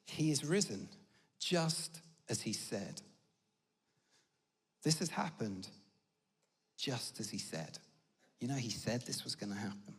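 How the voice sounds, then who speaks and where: British man preaching in reverberant church. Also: fairly high pitch. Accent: British English. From Britain. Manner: chatty storytelling, humorous asides. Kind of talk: conversational sermon.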